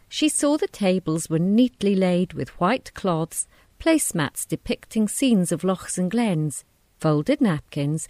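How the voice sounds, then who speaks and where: A woman reading a short story aloud in a measured, descriptive narration. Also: on the low side, warm tone, no echo, studio quality.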